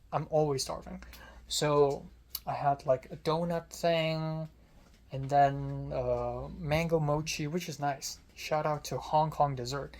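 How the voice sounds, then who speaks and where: A young man, a film student, telling a rambling, self-deprecating story to camera with deadpan asides. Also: a little high. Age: young adult. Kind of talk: casual vlog storytelling.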